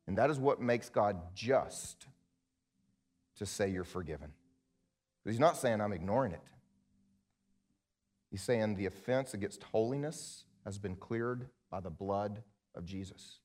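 A male pastor preaching a sermon in an animated way, acting out quoted voices, then leading a prayer. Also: fairly low pitch, unhurried, long pauses.

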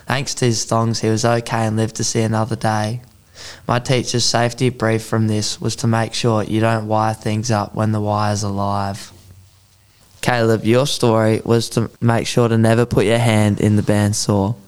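A man's voice: lowish voice, flat delivery, moderate pace, smooth. A teenage man co-hosting a student podcast, reading prepared links evenly.

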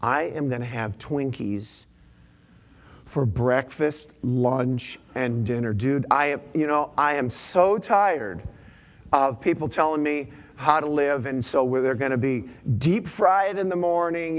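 A man voicing a carefree young male college student who talks excitedly in slang. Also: medium pitch, a little slow, close to an everyday voice. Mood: giddy.

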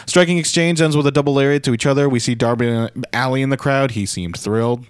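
A man's voice: medium pitch, fast, clear, resonant tone, no room sound. A young man co-hosting a podcast, recapping wrestling matches move by move and adding dry asides. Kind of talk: casual recap chat.

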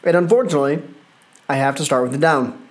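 A man's voice: fairly high pitch, fast talker. A young man reviewing a wrestling show in a casual, rambling, exasperated way, full of fillers. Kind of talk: casual solo commentary.

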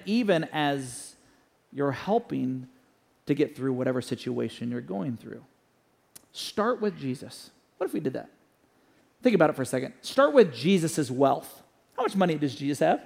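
A man preaching a sermon as pastor, rising to loud fervent peaks and dropping to quiet, low reflective passages. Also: lively intonation, moderate pace, creaky, long reverb tail.

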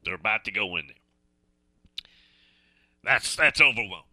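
A middle-aged man hosting a radio talk show tells a folksy, chatty story at normal speed, repeating and restarting phrases as he goes. His fairly low voice is animated, pushed, and bright, and the recording is dry.

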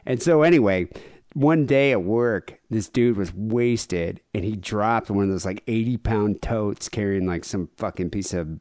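Podcast co-host, man, 30s; low, dry, rambling and self-mocking. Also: unhurried, darkish tone, no echo. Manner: rambling, self-deprecating, laughs often. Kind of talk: casual chat, storytelling.

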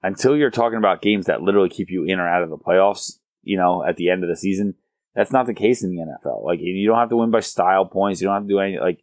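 A young man co-hosting a casual sports podcast, talking in an animated way that climbs higher as he gets worked up. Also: quick pace, dry recording. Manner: animated, rises in pitch when excited. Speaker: podcast co-host.

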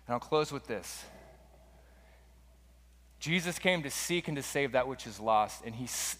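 Male preacher, relaxed conversational delivery, recorded with a long echo in a large church hall. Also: on the low side, slight background noise. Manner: casual conversational storytelling. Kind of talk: sermon.

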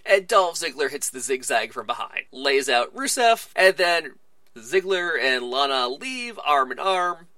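A man hosting a wrestling podcast, recapping a show in a casual, animated way and acting out the wrestlers' lines as he goes. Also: mid-range voice, unhurried, no room sound.

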